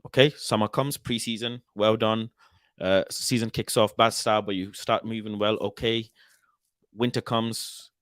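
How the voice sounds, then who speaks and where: A man's voice: on the low side, steady tone, measured pace, a bit bright, no echo, studio quality. A man in his twenties hosting a football channel, talking casually and animatedly, firing rhetorical questions at viewers. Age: 20s. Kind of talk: casual video commentary.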